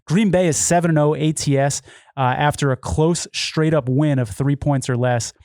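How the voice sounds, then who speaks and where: A man co-hosting a sports podcast, rattling through point spreads and betting trends. His voice sits a bit high for a man, and the recording is dry and close. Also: steady tone, normal speed, darkish tone, no echo. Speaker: podcast co-host. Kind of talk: casual sports betting chat.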